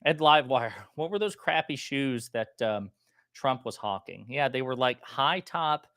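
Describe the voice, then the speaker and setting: A man hosting a political commentary livestream, chatting casually and reading viewer comments, with a lingering cough that makes him clear his throat. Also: medium pitch, expressive, a little slow, fairly bright tone, dry recording, clean studio sound. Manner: loose, chatty and joking.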